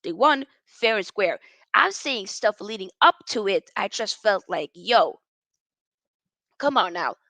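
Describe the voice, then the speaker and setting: A woman's voice: sits high, pushed and bright, dry recording. A woman hosting a live football reaction stream, ranting with exasperation and reading out viewer chat comments. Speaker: football channel host.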